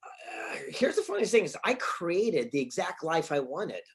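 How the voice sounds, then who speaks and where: A man's voice: high-pitched, huge pitch swings, a little slow, vocal fry. A middle-aged man speaking as a guest author, telling stories with energy and often repeating words as he starts a thought. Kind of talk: casual interview chat.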